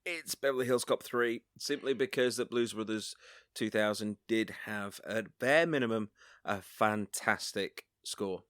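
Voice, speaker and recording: Male podcast co-host, resonant and low, dry-witted, casual. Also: a little slow, a bit bright, clean tone. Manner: short agreements and dry quips. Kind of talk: casual chat.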